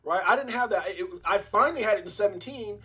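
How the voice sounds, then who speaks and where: A middle-aged man hosts a casual livestream with a high-pitched, husky voice. He tells stories in an excitable, repetitive way, circling back to his points again and again. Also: fast talker. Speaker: crypto livestream host.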